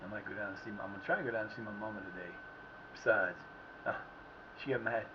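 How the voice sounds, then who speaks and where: A man's voice: lowish voice, fairly even intonation, quick pace. A man streaming a soccer video game, chatting casually and rambling to himself between reactions to the plays. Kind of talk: casual live-stream commentary. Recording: slightly muffled with faint background noise.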